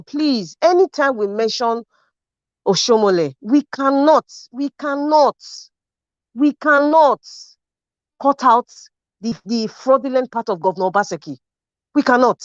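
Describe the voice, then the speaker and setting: A woman speaking as a panelist in an online debate, emphatic and animated, repeating points for stress. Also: a little high, no echo, lo-fi sound.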